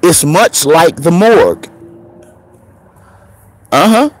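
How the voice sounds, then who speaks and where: A man in his thirties telling a story in a casual, profane monologue, laughing often and swinging between preacher-like highs and murmurs. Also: big pitch swings, slow pace. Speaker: show host.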